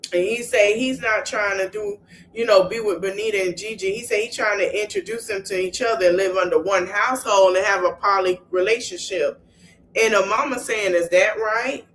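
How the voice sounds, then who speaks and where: In an animated, casual recap, a woman podcast host with a mid-range voice retells scenes in he-said-she-said fashion, dropping slangy asides for her listeners. The audio is poor, with slight background noise.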